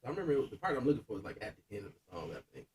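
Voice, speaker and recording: A man's voice: mid-range voice, huge pitch swings, racing, recorded from a distance, slight background noise. A man co-hosting a podcast in playful, casual chat, laughing a lot. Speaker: podcast co-host.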